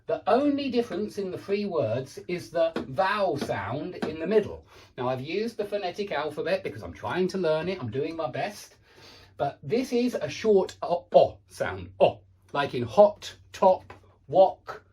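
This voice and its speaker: An English man teaches pronunciation in a loose, chatty way, his pitch swinging widely as he drags out example words. He sits a little back from the mic, so the voice sounds slightly distant. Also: big pitch swings, darkish tone. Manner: chatty, thinks aloud, repeats sample words slowly. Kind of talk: casual online pronunciation lesson.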